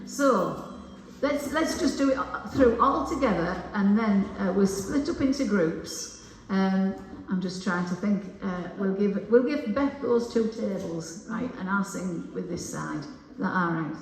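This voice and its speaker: A woman's voice: medium pitch, lively intonation, unhurried, hardly any pauses, recorded from a distance, slight background noise. Older woman leading a singalong in an echoey hall. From England. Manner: chatty, jokey, teaches songs line by line. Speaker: singing session leader. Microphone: microphone on a stand. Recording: echoey hall with long reverb.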